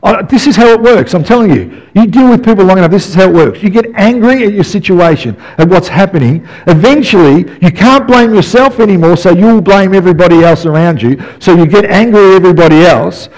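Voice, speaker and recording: High-voiced man preaching a lively sermon. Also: a little fast, few pauses, low-quality recording. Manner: animated, shifts from soft to yelling in stories. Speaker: pastor.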